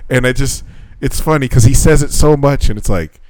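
This Japan-based podcast co-host talks fairly quickly in a dry recording, rambling through restarts and swearing a great deal during a laid-back chat. He gets animated while telling stories, his voice jumping high.

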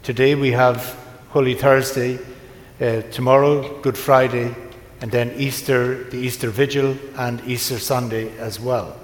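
A priest preaching to his congregation, telling a story in a gentle, unhurried way with pauses. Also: medium pitch, fairly even intonation. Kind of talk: sermon. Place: large church. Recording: echoey church from a distance.

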